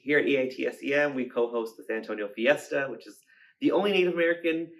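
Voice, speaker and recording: A man hosting, closing the episode with a friendly, slightly halting announcement. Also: medium pitch, low-quality recording. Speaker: host.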